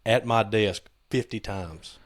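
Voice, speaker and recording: A man with a slightly hoarse voice chats on a casual podcast. He tells loose, joking stories and likes to tease his co-host. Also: fairly low pitch, slow pace, dry recording, studio quality. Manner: joking, teasing storyteller. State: a little hoarse.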